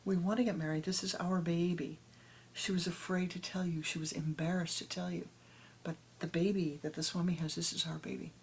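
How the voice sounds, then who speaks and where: A woman's voice: on the low side, little pitch movement, a little fast, slight background noise, lightly acted, poor audio. A woman voicing an earnest young farmer's son declaring his love and his child.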